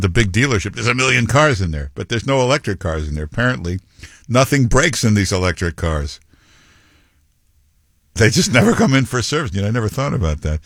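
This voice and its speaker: A man's voice: lowish voice, fairly bright tone, dry recording, clean studio sound. A man hosting talk radio, chatting casually about local politics with lots of asides and restarts.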